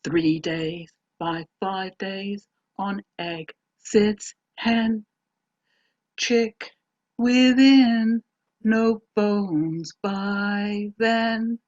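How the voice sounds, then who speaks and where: A woman voicing a small thrush that sings a riddle in a slow, rising sing-song. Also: medium pitch, fairly even intonation, darkish tone, dull audio, pitched above the performer's own voice. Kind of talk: storytelling.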